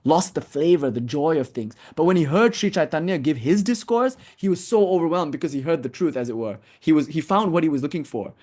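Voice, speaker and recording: A man giving a casual, animated spiritual lecture, telling stories and acting out what people say. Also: on the high side, a little fast, hardly any pauses. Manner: animated storytelling, casual, acts out quotes. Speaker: spiritual teacher.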